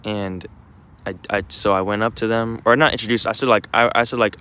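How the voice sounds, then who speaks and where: A man's voice: lowish voice, fairly even intonation, a little fast, bright, forceful tone, clear, resonant tone. A young man vlogging while walking his dog outdoors, talking in a loose, rambling way full of fillers and restarts. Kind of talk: casual rambling walk-and-talk.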